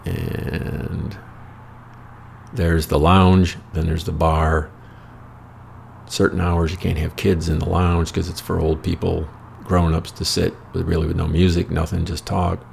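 American male storyteller, very low and heavily gravelly voice, rambling and profane, wry casual delivery. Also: flat delivery, unhurried, a little mellow, a little hiss or hum. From United States. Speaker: storyteller host.

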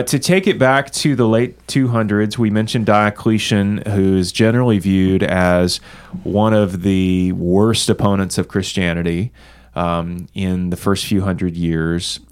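A man, co-hosting a casual talk on church history, measured and explanatory with many filler words. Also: low-pitched, steady tone, clean tone. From American South. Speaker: podcast co-host.

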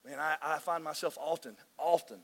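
A man preaching a sermon as pastor, emotional and excitable, often restarting his sentences. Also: a little high, normal speed. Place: large church hall. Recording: long hall reverb.

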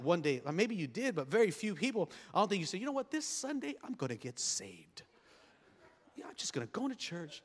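A man pastor preaching a sermon, telling stories with big swings from quiet asides to loud bursts. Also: sits high, big-room sound. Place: church.

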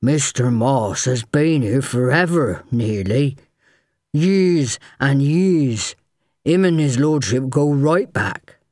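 A woman reading an audiobook, voicing a plump, nervous young male footman who speaks slowly and hesitantly. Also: sits low, dark tone, dry recording, studio quality.

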